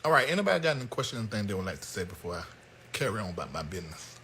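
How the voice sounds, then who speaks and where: An American man hosting a comedic commentary show, ranting bluntly with loud outbursts. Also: on the low side, very fast, slight background noise. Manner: animated, blunt, yelling outbursts. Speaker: host.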